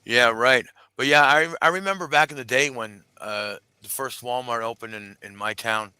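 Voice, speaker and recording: A man's voice: mid-range voice, moderate pace, sharp tone, smooth, no echo, rough recording. A man co-hosting a casual livestream chat, laid-back as he shares memories. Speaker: co-host.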